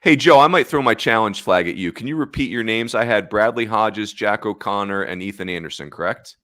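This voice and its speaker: A man's voice: fairly low pitch, fairly quick, fairly bright tone, no echo. A man co-hosting a sports podcast in casual chat, talking in a chatty way, correcting himself and laughing easily. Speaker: podcast co-host.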